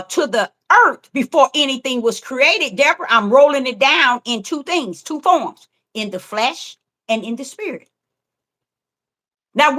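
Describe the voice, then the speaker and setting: A woman's voice: sits high, pushed and bright. A middle-aged woman, preaching fervently online with rhythmic, repetitive emphasis. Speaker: self-styled prophetess preaching online. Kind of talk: impassioned preaching.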